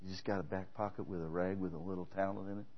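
A man's voice: low-pitched, fairly even intonation, racing, muffled recording. A male pastor preaching a sermon, telling stories and emphatically urging his congregation to act. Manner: emphatic, exhorting, storytelling preacher.

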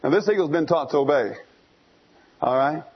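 A male preacher delivering a fiery storytelling sermon in church, swinging from hushed to shouting. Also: fairly high pitch, moderate pace, slightly rough, highs cut off.

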